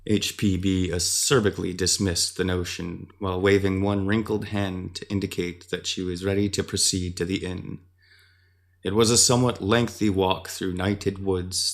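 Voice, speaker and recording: A man giving measured, scripted narration of a fantasy story. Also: low voice, flat delivery.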